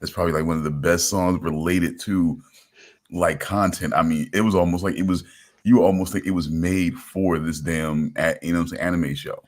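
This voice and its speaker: Deep-voiced man in rambling casual chat. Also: fairly even intonation, moderate pace. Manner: rambling, repeats "you know what I'm saying". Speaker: podcast host.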